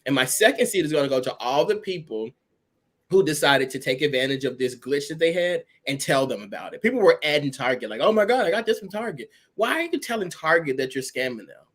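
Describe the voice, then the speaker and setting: A man co-hosting a podcast tells a long, rambling story in casual chat, peppering it with "or whatever." His mid-range voice is fairly bright, very animated and brisk, and his manner is chatty.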